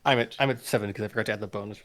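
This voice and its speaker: A man's voice: on the low side, fairly even intonation, racing, fairly bright tone. A man playing in a tabletop game, chatting casually and swearing as he argues rules. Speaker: player.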